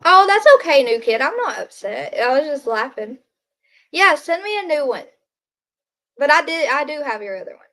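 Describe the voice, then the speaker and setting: A woman's voice: high voice, very animated, moderate pace, long pauses, a bit bright. A woman hosting a casual livestream from home at night, chatting and giggling with her viewers and talking to her pet. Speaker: livestream host. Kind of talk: casual live chat with viewers.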